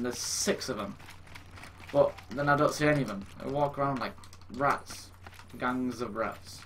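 A young man talks casually over his gameplay. He mocks himself, swears freely and lets out sudden exclamations. Game noise sits clearly behind his voice. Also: medium pitch, fairly bright tone. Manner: self-mocking, swearing, quick to exclaim. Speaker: gaming YouTuber.

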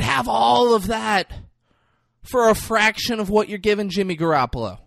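A man's voice: high-pitched, normal speed, vocal fry, fairly bright tone, no echo, clean studio sound. A man hosting a comedy podcast, ranting in a casual, profane, jokey way. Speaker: podcast host.

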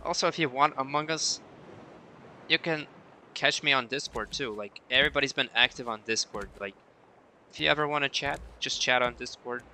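Bright-voiced male game streamer. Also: medium pitch, moderate pace, slight background noise. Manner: chatty, reads viewer messages aloud and answers them playfully. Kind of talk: casual live-stream chat while gaming.

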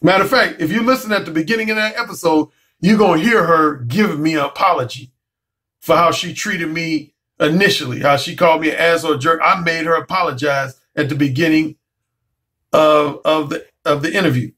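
A male dating coach with a notably high voice lectures his audience head-on. He is blunt and profane, and he preaches with rhetorical questions. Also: a little fast, fairly bright tone. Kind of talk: blunt vlog monologue.

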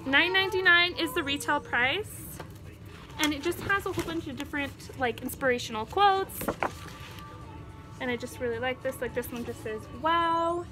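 A woman's voice: high-pitched, normal speed, over music. A young adult woman, out of breath, chatting casually through a haul video at home and breaking off to talk to her toddler. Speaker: haul vlogger and mom. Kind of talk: casual show-and-tell chat. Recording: home video with background noise.

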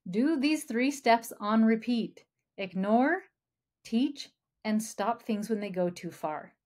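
A woman's voice: a little high, expressive, takes it slowly, darkish tone. Encouraging woman parenting coach. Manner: encouraging, addresses the listener as friend. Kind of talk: podcast advice talk.

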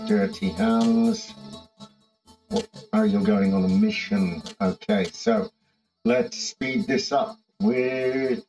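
A man with a high, gravelly voice that swoops up and down, chatting through a video game. He muses aloud, hums between choices and reads the on-screen story text, with faint guitar music playing behind him. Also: darkish tone, rough recording. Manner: musing, thinking aloud with frequent hums and fillers. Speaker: game streamer. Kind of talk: casual game commentary, reading in-game text aloud.

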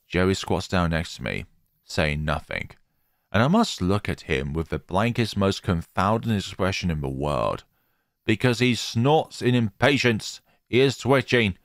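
A man's voice: on the low side, unhurried, no room sound, studio quality. A man hosting a let's play, reading a horror visual novel aloud and breaking off for joking asides. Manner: lively, jumping between reading and joking asides. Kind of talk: dramatic story reading with asides.

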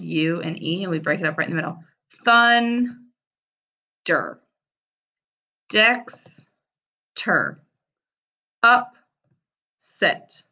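A woman teacher giving a recorded reading lesson for young children, sounding out words slowly and clearly. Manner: slow, clear, sounding out words with animated pitch.

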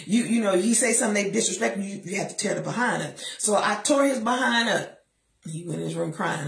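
A woman giving a lively motivational talk, telling personal stories and acting out the voices of the people in them. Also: mid-range voice, vocal fry, echoey room. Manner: lively storytelling, acts out voices, preachy asides. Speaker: motivational speaker.

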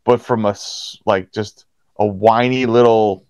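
A man's voice: measured pace, clear, resonant tone, dry recording. A man who works as a hockey referee, chatting casually in an interview and acting out quotes from players with big jumps in his voice. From Pittsburgh area, USA. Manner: animated storyteller, acts out quotes with jumps in pitch. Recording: dry, slightly dull podcast audio.

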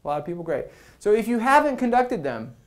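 A man giving a presentation at a meetup. He talks to the audience in a conversational, energetic way and acts out quoted lines. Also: sits high, quick pace. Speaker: product management speaker.

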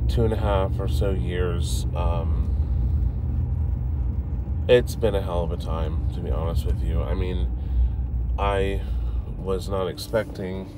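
A middle-aged man chatting on a live stream while driving through city streets, rambling and halting as he reads viewer comments aloud. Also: deep voice. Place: inside a car in city streets. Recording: noisy car with road sound behind.

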